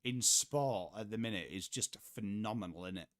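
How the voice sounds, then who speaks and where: This young English host runs a relaxed sports watchalong stream, reading viewers' messages and swearing in passing. His voice is lowish and a bit bright, with a moderate pace.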